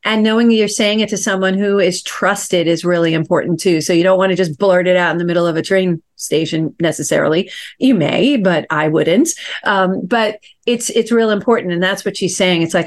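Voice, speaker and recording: A woman's voice: on the low side, steady tone, a little fast. A woman hosting a coaching chat, encouraging and guiding listeners through exercises. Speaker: host and success coach.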